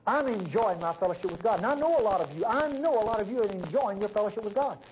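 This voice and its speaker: Folksy high-voiced preacher. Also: male voice, quick pace, slight background noise, poor audio. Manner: folksy, animated, swings between loud and hushed. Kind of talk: sermon.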